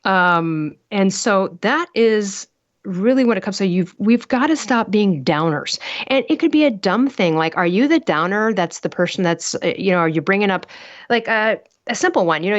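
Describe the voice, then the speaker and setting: A medium-pitched female voice with no echo carries lively interview talk. She's a guest on a podcast, recounting stories in a blunt, emphatic way full of rhetorical questions, and the recording is muffled and dry.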